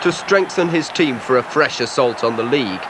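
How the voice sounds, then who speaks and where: A man giving measured, wry scripted narration for a documentary. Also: mid-range voice, animated. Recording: noticeable background noise.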